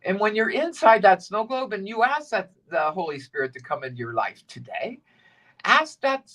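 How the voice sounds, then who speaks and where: Male spiritual talk co-host, preachy and repetitive, bright-toned, slightly off-mic. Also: high-pitched, moderate pace, far from the mic. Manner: animated, preachy, repeats short phrases for emphasis.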